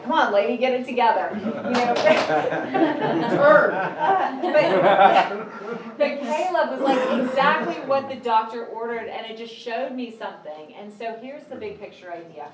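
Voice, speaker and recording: Speaking at a church or ministry event, a middle-aged woman delivers an animated, chatty sermon, dramatizing scenes and abruptly raising her voice as she shares personal stories. Her voice is a little high. Picked up from a distance in a roomy space, the audio has faint ambience and slight background noise.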